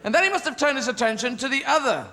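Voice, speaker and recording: A man performing a stand-up comedy routine, animated and full of sudden silly voices, recorded live in a large theatre. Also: very high voice, racing. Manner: animated, flips into many silly character voices. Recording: live stage recording in a reverberant hall with crowd noise.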